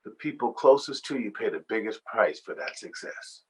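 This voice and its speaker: A man, a singer-songwriter, being interviewed and telling stories in an animated, expressive way. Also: fairly low pitch, normal speed, breathy edge, poor audio. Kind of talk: storytelling interview.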